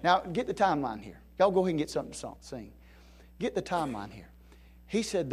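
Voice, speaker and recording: Middle-aged male pastor, high-pitched, sermon delivery that rises to fervor and drops to a hush. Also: sing-song, quick pace, slight background noise. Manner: rising to near-shouting peaks of preaching fervor, then dropping low and soft.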